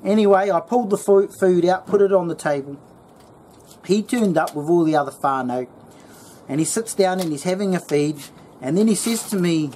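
A man's voice: on the high side, animated, moderate pace, a little mellow, slight background noise. A man with a New Zealand accent telling a story and giving a casual how-to talk as a bushcraft channel host, rambling and chatty. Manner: rambling, lots of fillers and restarts, chatty.

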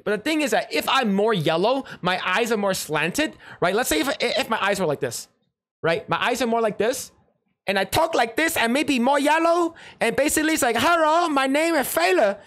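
A man's voice: very high voice, lively intonation, moderate pace, a bit bright. A man hosting a livestream, reacting to a clip in rambling, sarcastic casual chat with frequent restarts and swearing.

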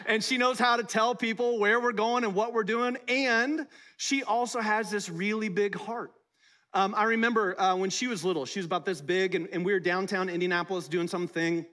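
Middle-aged pastor guy with a high voice, chatty joking sermon, talks right to the crowd. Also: fairly even intonation, a little fast, sharp tone. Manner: conversational, playful, talks to the congregation. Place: church service.

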